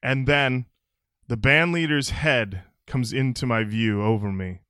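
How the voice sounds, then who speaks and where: A man hosting a podcast, telling stories in a jokey, animated way. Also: mid-range voice, unhurried, clear, resonant tone, no echo, studio quality. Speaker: podcast host. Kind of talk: casual podcast chat and storytelling.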